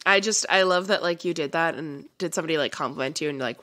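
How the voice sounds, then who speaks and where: Gravelly-voiced woman podcast host. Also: deep voice, sharp tone. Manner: playful, teasing, quick to laugh at herself. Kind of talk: casual chat.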